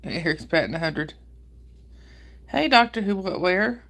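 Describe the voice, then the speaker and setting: Hoarse woman chatting on a livestream. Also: on the low side, expressive, unhurried, a bit bright. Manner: chatty, greets viewers by name, sniffles. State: hoarse with a cold and sore throat. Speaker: livestream host. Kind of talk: casual live chat with viewers.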